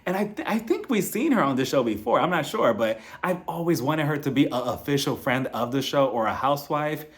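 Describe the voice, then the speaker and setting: A man's voice: fairly high pitch, animated, fairly quick, hardly any pauses, a bit bright. A man giving sassy, gossipy commentary while reviewing a reality TV show. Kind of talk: casual video commentary.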